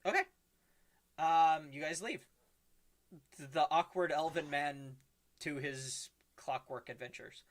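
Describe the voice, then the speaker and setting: A man's voice: a little high, slow, pauses often. A man narrating as game master in a tabletop game, rambling with lots of ums and uhs. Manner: rambling, many ums and uhs, laughs often.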